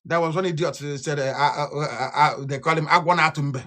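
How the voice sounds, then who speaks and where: A man giving an impassioned political broadcast, fiery and scornful, repeating himself and bursting into shouts. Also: on the high side, steady tone, brisk. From Nigeria. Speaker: activist leader.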